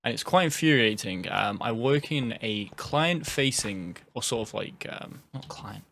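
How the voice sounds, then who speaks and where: A man's voice: medium pitch, expressive, a little slow, gravelly, sharp tone, a little hiss or hum. A man giving casual, rambling gameplay commentary, his words running together, full of fillers and swearing.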